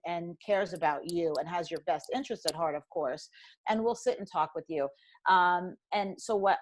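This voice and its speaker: Middle-aged New woman, lower voice, animated storyteller, guest on a talk show. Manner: animated storyteller acting out quoted dialogue. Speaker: financial professional guest. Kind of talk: candid conversational storytelling.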